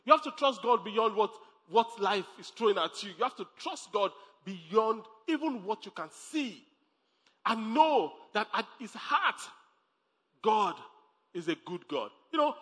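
A man preaches in a high, ringing voice, pressing his points by repeating them and laughing as he goes. His sermon carries a long hall reverb. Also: fairly bright tone, breathy edge. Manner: emphatic, repeats phrases, laughs often. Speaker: pastor.

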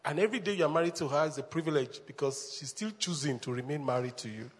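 A man preaching as a pastor, animated, laughing often and calling the congregation to answer back. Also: on the high side, fast, slight background noise. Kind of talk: sermon. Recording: long hall reverb.

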